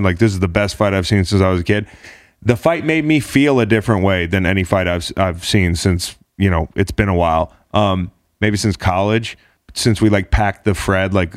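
A man hosting a casual sports chat show, talking in a rambling, animated way with lots of "like" and casual swearing. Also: low voice, dry recording, clean studio sound. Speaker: podcast host.

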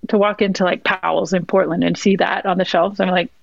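A woman's voice: fairly low pitch, level tone, brisk, creaky, dry recording. Modest canadian woman, laid back, lots of ums, dull dry recording. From Canada, West Coast. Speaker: guest, soccer player. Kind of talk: casual chat.

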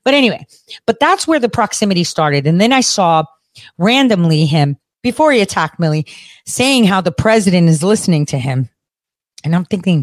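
A woman's voice: mid-range voice, very animated, a little fast, no room sound. A woman giving casual, rambling political commentary in a blunt, indignant and profane way.

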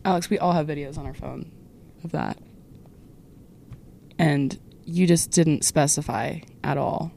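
A woman's voice: deep voice, unhurried, creaky, pauses often, warm tone, a little hiss or hum. A young woman chatting as a podcast guest, dryly retelling and correcting the story. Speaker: podcast guest, host's sister. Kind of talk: casual chat.

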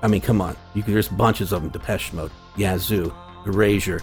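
A man co-hosting a music podcast, talking in a relaxed, chatty way with fillers. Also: low voice, normal speed. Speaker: podcast co-host. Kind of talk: casual music podcast chat.

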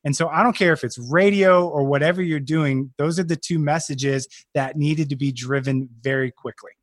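A man's voice: on the high side, moderate pace, no room sound, clean studio sound. A man, a real estate investor and guest on a podcast, explaining his business in confident, structured points. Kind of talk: podcast interview.

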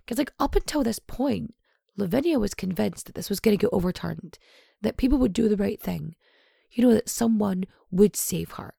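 A woman's voice: medium pitch, animated, moderate pace, vocal fry, dark tone, breathy edge, no echo, clean studio sound. A young woman casually retelling a true crime story, sweary and sarcastic, with lots of asides.

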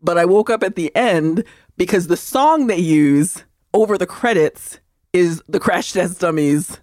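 A woman co-hosting a podcast in casual chat, profane and quick to laugh. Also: fairly low pitch, dry recording, clean studio sound. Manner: profane, animated, laughing often. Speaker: podcast co-host.

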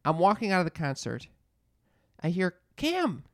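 A man co-hosting a casual chat, telling animated stories with plenty of swearing and acted-out quotes. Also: a little high, moderate pace, dry recording, studio quality. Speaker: podcast co-host.

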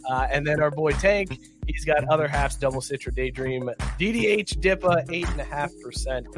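A man's voice: a little high, moderate pace, music in the background. A man hosting a casual podcast, bantering with his co-hosts and reading out listener comments. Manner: upbeat, banters and reads out comments. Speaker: podcast host. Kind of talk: casual chat.

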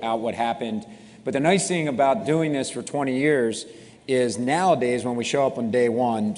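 Middle-aged man, security founder, easy explanatory delivery, wry humor, recorded in a reverberant space. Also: medium pitch. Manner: relaxed, explanatory, self-deprecating humor. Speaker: cybersecurity company founder. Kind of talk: interview answers.

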